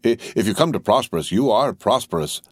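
A man's voice: on the low side, lively intonation, fairly quick, dry recording, studio quality, voice pushed up. A man voicing a mild, fussy older bank clerk who speaks politely, hesitating and stammering.

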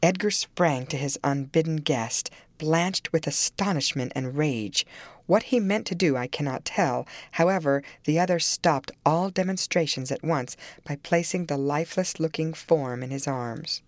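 Low-voiced woman narrating a classic novel. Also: no room sound. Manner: measured, dramatic storytelling. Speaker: audiobook narrator. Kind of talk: first-person literary narration.

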